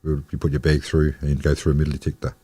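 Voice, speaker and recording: Deep-voiced older man telling stories. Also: little pitch movement, quick pace, warm tone, slightly rough. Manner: rambling, anecdotal. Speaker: guest. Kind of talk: casual chat.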